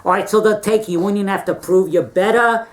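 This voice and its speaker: A man's voice: high-pitched, fast talker. A man giving a comic seminar lecture, coaching in a cocky, condescending way. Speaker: seminar speaker.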